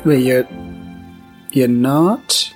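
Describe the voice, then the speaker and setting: A man's voice: mid-range voice, extremely slow, faint music behind. Man playing a hesitant, curious adventurer. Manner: hesitant, apologetic, many restarts. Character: polite, curious young male adventurer.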